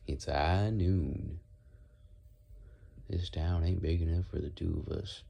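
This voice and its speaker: Man putting on a Wild West gunslinger, southern drawl, very deep, dark. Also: fairly even intonation, slow, gravelly, husky, full character voice. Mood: challenging.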